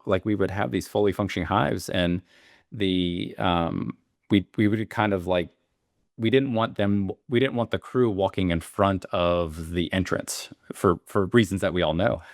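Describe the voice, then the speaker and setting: A man's voice: deep voice, unhurried, dry recording, studio quality. A man, a beekeeper guest telling stories in a rambling way, full of fillers and restarts. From Alabama. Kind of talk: casual interview storytelling.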